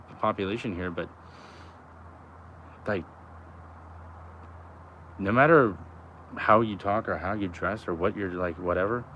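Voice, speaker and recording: A young man with a lowish voice talks in a loose, rambling way, swearing freely and leaning on fillers. He is outdoors by a road, with faint traffic noise behind him. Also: a bit bright. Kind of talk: casual rambling chat.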